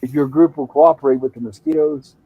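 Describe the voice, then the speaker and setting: Speaking fairly quickly in a slightly high, steady voice with a breathy edge, this host retells an old TV episode for his casual show. He reads out its lines in a relaxed, chatty recap, and the recording is dry, narrow and tinny.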